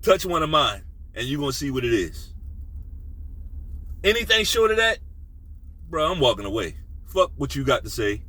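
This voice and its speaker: Male sports host, blunt and profane, bright forceful tone. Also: moderate pace, pauses often, rough recording. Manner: blunt, profane, animated, drops to a low menacing tone. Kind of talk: casual opinion rant.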